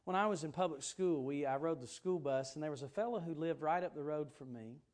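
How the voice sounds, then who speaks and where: A man's voice: fairly high pitch, brisk, a little mellow. A man preaching an evening church sermon, earnest and emphatic, stressing and repeating key words.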